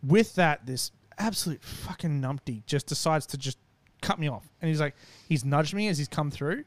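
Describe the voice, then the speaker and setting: A man's voice: a little high, moderate pace, no echo. A man casually telling a long, profane story and acting out what people said. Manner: animated, profane, acts out quotes.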